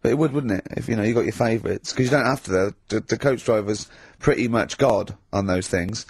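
A man's voice: fairly low pitch, a little fast, slightly rough, no room sound. A man hosting a radio show, trading opinionated, teasing banter. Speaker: radio host. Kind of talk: casual radio chat. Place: radio studio.

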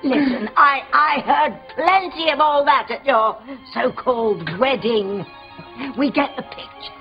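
A woman's voice: sits high, a little slow. Brief: exasperated prophetic witch, soap opera, muffled broadcast with music. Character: gloomy doom-predicting older witch woman. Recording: dull broadcast sound with music.

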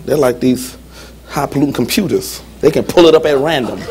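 A man preaching a lively, humorous sermon as pastor in a church, with call-and-response. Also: mid-range voice, fairly quick, a little hiss or hum. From United States.

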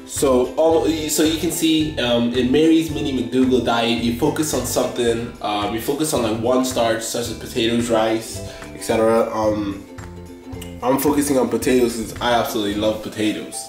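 In a somewhat mellow, medium-pitched voice at normal speed, a vlogger chats to the camera with frequent ums and restarts. He eventually moves to his home kitchen, where the room echoes and guitar music plays.

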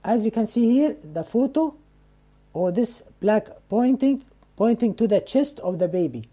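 Slow-spoken woman teaching vocabulary. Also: on the high side, lively intonation, mellow. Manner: repeats each word slowly, asks and answers her own questions. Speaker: Spanish teacher.

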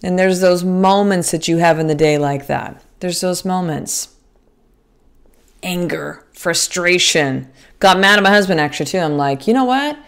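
A woman's voice: lowish voice, a little slow, gravelly, smooth. Candid, swearing woman podcast host. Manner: candid, swears freely, restarts sentences; earnest and motivational, addresses listeners as sister. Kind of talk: casual podcast monologue.

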